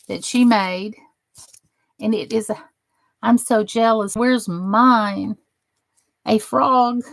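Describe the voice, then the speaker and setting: On a dry recording, a woman with a fairly high-pitched voice runs a relaxed crafting stream. She talks with her viewers, throws in chatty asides and admires the crafts she holds up with gushing enthusiasm.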